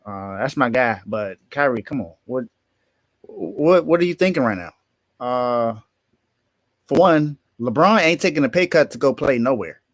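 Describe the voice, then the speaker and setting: A man arguing a point on a casual sports podcast, insistent and incredulous. He repeats himself often, in a mid-pitched voice. The recording is dry. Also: expressive, measured pace, no room sound.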